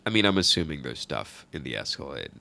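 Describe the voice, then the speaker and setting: A young man co-hosting a podcast, cracking deadpan, absurd jokes in casual chat. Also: a bass voice, fast talker, gravelly. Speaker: podcast co-host. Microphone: studio podcast mic.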